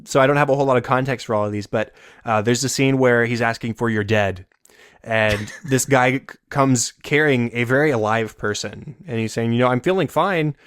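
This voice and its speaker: A man co-hosting a podcast, leading a relaxed conversation. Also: medium pitch, brisk, clear, resonant tone, dry recording, studio quality. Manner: relaxed, conversational, leads the discussion. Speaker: podcast co-host. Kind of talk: casual chat.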